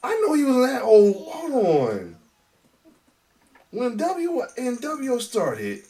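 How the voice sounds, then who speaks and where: A man's voice: extremely high pitch, slow. Reaction host guy, hyped, keeps laughing and tripping over his words, sounds a bit far off the mic. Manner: excitable, laughs often, stammers and restarts. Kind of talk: casual reaction commentary.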